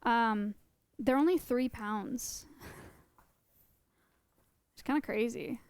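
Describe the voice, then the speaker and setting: Chatty young woman with a smooth voice. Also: a little high, slow, darkish tone, no echo. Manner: chatty, rambling, laughs often. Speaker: streamer. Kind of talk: casual live-stream chat. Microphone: close desk mic.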